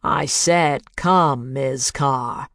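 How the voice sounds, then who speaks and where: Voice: medium pitch, gravelly. A narrator voicing a cold synthesized male captor with a Boston accent, drawing out taunting commands. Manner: slow, drawn-out, taunting commands.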